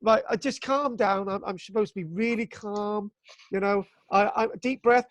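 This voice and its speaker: A British man gives young students a live archaeology lesson over a video call; he's excitable, full of jokes and mock exasperation, and keeps adding "right?" to his sentences. He speaks in a high voice at normal speed, with no room sound.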